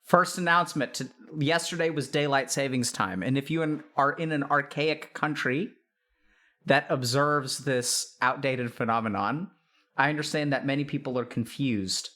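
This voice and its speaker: A man's voice: medium pitch, moderate pace, pushed and bright. Playful man hosting a livestream. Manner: playful, upbeat, talks directly to chat. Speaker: streamer and psychiatrist host. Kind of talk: casual livestream chat.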